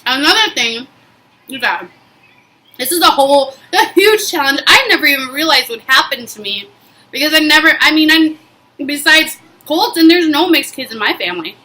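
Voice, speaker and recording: A woman's voice: sits high, moderate pace, low-quality recording. A young woman vlogging, telling a personal story in a casual, emphatic way with lots of fillers. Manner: emphatic, animated retelling with frequent fillers.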